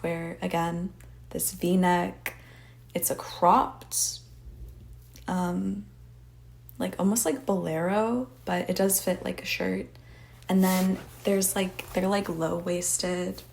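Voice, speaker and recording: A woman hosts a casual podcast in an unhurried, rambling way, full of filler words and swearing. Her voice has a steady gravelly fry, and she takes her time over each thought. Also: lowish voice. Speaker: podcast host.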